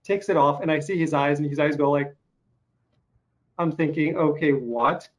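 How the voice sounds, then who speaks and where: A man in his forties from eastern Ukraine, with a slight Russian accent, hosting an interview and telling stories in an unhurried way with many pauses. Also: a little high, steady tone, rough recording. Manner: unhurried storytelling with frequent pauses and fillers. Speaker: podcast host. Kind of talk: casual interview chat.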